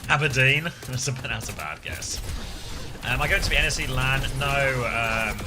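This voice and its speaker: A man from the south of England casually co-streams an esports match live, chatting with viewers and laughing often. His medium-pitched voice has lively intonation at normal speed, with background noise present.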